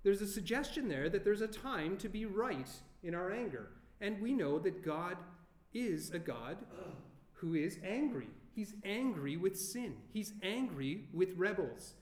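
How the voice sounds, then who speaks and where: Male preacher, fairly high voice, earnest and emphatic, recorded in a roomy hall. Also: lively intonation, darkish tone. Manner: earnest, rhetorical questions, slow emphatic pauses. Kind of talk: sermon. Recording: echoey room.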